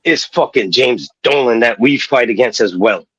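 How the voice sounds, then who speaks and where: A man co-hosting a casual sports talk show, profane and animated, who keeps saying "know what I mean.". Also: medium pitch, moderate pace, husky, dry recording, highs cut off. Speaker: podcast co-host.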